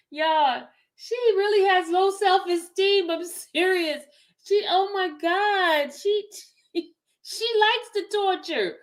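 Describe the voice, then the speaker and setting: A woman's voice: extremely high pitch, takes it slowly. A woman hosting commentary, reacting to a book reading with lots of exclamations and talk aimed at her viewers. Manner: laughing, exclaiming, talking to viewers. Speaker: commentary host.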